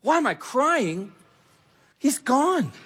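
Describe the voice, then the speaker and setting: A distraught woman weeping at a tomb, put on by a man preacher, her voice pushed high and strained as she cries out in pleading bursts. The tone stays husky and breathy underneath. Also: big pitch swings, slow pace, fairly bright tone, exaggerated voice. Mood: anguished. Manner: pleading, breaking, repeated cries.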